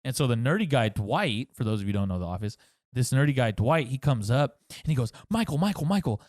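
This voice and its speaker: A man's voice: medium pitch, lively intonation, fast talker, darkish tone. A man co-hosting a podcast, chatting casually, rambling and joking with frequent restarts. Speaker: podcast co-host. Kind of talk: casual chat.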